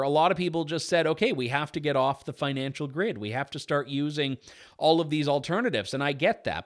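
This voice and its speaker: A man guest-hosting a talk show, reading out listener letters and reacting with opinionated commentary in a conversational way, with fillers and restarts. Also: fairly high pitch. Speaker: guest radio show host.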